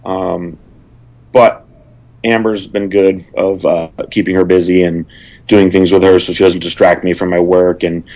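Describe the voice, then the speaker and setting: A man with a very low voice talks plainly and sternly in a casual chat, hesitating with fillers along the way. The audio is dull and lo-fi. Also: little pitch movement, unhurried, darkish tone. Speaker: guest.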